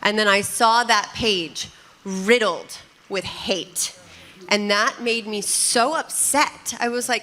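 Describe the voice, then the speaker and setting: Bright-voiced woman panelist, emotional and animated, telling her story on a conference stage. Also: fairly high pitch, unhurried. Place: conference stage before an audience.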